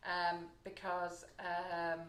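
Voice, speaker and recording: A woman hosting a live baking stream from her shop kitchen, loud and chatty, reading out viewer comments. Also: on the low side, monotone, drawn-out words, reverberant, background noise. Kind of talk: casual live-stream chat.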